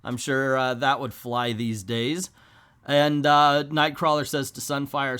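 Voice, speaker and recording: A man's voice: medium pitch, unhurried, sharp tone, smooth. Chatty man recapping comic books. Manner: chatty, joking asides. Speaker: comic book video host. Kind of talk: casual comic recap narration.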